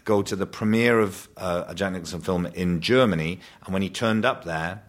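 A man's voice: low voice, fairly quick. A man telling stories in casual chat and slipping into voices. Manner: animated storyteller, does voices.

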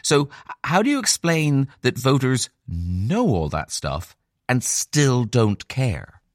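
A man's voice: mid-range voice, very animated, takes it slowly, no room sound, clean studio sound. A man hosting a book podcast, asking chatty, playful interview questions. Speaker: podcast host.

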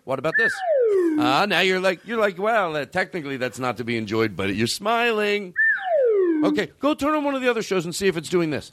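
A man hosting a casual comedy podcast, joking loudly and putting on mock showman bravado. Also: high voice, fairly quick, slight background noise. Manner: animated, jokey, swings into mock showman bravado. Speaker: podcast host.

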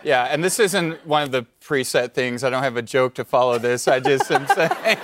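A man, a comedian guest on a talk show, telling rambling, animated stories in casual chat. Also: medium pitch, moderate pace, noisy background. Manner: rambling, animated storytelling with laughs.

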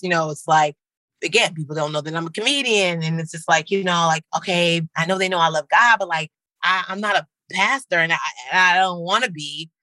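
A young woman from Nigeria, a comedian and actor, chatting casually as an interview guest, animated and slangy, often laughing and leaping up in pitch. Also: no echo, rough recording.

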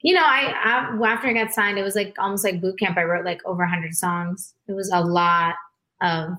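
A woman singer, a guest in a casual interview, telling stories with animated energy, lots of "like" and quick laughs. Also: fairly low pitch. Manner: animated storyteller, frequent "like", laughs a lot; acts out quoted voices.

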